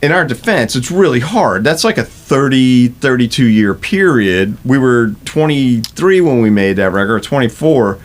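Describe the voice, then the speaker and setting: A man's voice: mid-range voice, lively intonation, normal speed, few pauses. A man in his fifties, a rock musician, telling studio stories in a casual interview, swearing freely and acting out what people said. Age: 50s. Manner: swears freely, acts out quoted exchanges.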